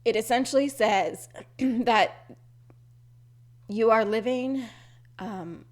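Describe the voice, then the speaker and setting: Slow-spoken woman with a throat tickle. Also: fairly high pitch. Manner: rambling, searching for words, frequent restarts; earnest, repetitive affirmations. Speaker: podcast host. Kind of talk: unscripted spiritual talk.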